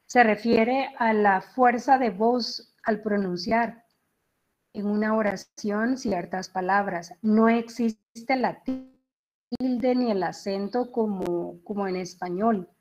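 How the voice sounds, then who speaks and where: Slow-paced woman English teacher. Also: medium pitch, a little mellow, poor audio. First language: Spanish. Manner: slow, explanatory, checks in with "okay?". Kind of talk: online class instruction.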